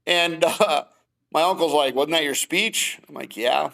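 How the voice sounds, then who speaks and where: Podcast guest, middle-aged man, bright and forceful tone, lively storyteller. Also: a little high, a little slow, vocal fry, low-quality recording. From Wisconsin. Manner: animated storytelling, acting out both sides of conversations. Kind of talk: casual storytelling.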